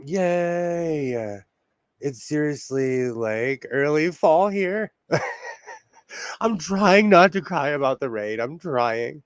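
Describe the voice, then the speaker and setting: A man's voice: a little high, expressive, takes it slowly, clear, resonant tone, no room sound, studio quality. A man hosting a casual sewing livestream from home, bubbly and laughing often as he greets viewers. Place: at home indoors.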